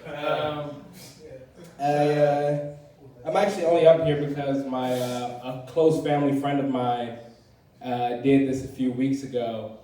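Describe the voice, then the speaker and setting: A young man from D.C. works through a stand-up set at an open mic, rambling and profane. His mellow voice carries from across a boomy room with heavy echo. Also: flat delivery, measured pace, distant mic. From Southeast Washington, D.C. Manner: rambling, profane, many fillers and restarts. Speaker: first-time stand-up comedian. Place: comedy club stage, open mic. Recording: very echoey room, voice from afar.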